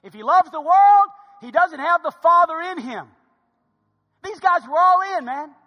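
A man's voice: very high voice, animated, a little slow, lo-fi sound. A man preaching a sermon, telling a humorous story with emphatic delivery. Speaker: pastor. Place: church sanctuary. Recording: long reverb of a large hall.

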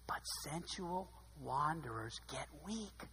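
A man preaching a sermon, dramatic, swinging from hushed asides to loud emphasis. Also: on the high side, expressive, a little slow, slightly rough. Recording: long hall reverb.

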